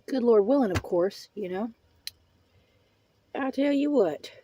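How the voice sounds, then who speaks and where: A woman's voice: fairly high pitch, animated, measured pace, warm tone, slight background noise. A woman hosting a casual live-stream hangout, rambling in a folksy way and dropping prayerful asides. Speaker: livestream host.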